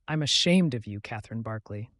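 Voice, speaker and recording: A woman's voice: extremely low pitch, expressive, fairly quick, a bit bright, no room sound, clean studio sound, exaggerated voice. A man voicing a reproachful, sobbing Scottish woman friend in an audiobook. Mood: scolding.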